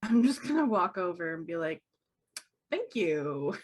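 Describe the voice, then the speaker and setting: A woman's voice: on the low side, expressive, a little fast. A woman player in a tabletop game, talking in a playful, giggly way. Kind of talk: casual play at a game table.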